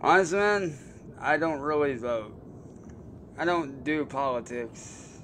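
A young man chatting casually while streaming a car game, loose and swearing, mocking trolls and getting excited over cars. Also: a little high, takes it slowly, a little hiss or hum.

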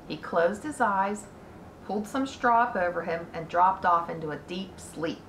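A woman teacher reading a children's book aloud in a slow, deliberate manner. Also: lowish voice, a bit bright, a little hiss or hum. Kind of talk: read-aloud storytelling. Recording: roomy echo.

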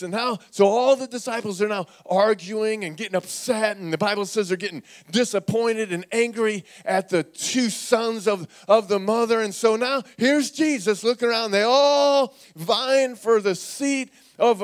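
A man pastor preaching a sermon in a church, animated and calling on the congregation to repeat words back. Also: high-pitched, moderate pace, hardly any pauses. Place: church sanctuary.

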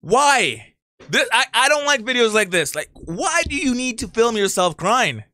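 A man's voice: extremely high pitch, big pitch swings, measured pace, sharp tone, dry recording, studio quality. A man hosting a reaction channel, giving blunt, opinionated commentary in a casual rant.

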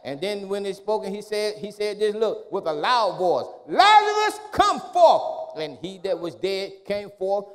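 A man preaching a sermon as pastor, in emphatic call-and-response style that builds to loud, drawn-out declarations. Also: sits high. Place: church sanctuary. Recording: long reverb of a church hall.

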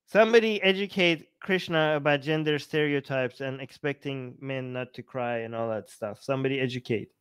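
A man giving sarcastic, animated commentary on scripture, often restarting his sentences. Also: mid-range voice, normal speed, few pauses, clean tone. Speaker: podcast co-host.

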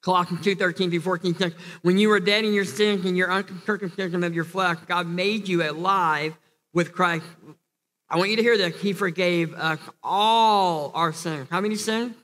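A male pastor delivers a sermon in an earnest, insistent way, restarting phrases and climbing to emphatic peaks. His voice sits high and sounds bright and forceful. A long reverb from the church hall trails after each line. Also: fairly even intonation, moderate pace.

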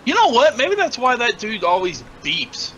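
A man with a high, bright voice plays games over voice chat. His pitch swings widely as he teases his friends and swears at the game. Faint noise sits under the call. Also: wildly swooping pitch, normal speed. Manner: teasing, exclaims and swears at the game. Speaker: gamer on voice chat. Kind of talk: casual group voice chat.

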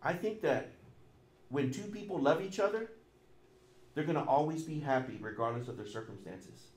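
A middle-aged man preaching a sermon as pastor, emphatic and repetitive, swinging between loud and soft. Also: fairly high pitch, expressive, normal speed, reverberant.

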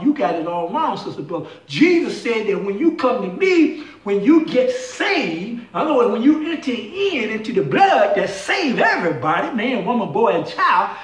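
A man preaching a fiery call-and-response sermon, shouting questions and then dropping low. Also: distant mic. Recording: echoey room, voice from off-mic.

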